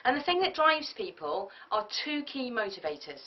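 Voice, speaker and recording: A woman giving a business tutorial, lively and often acting out example speakers. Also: a little high, normal speed. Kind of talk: tutorial lecture. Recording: muffled lo-fi audio from a distance.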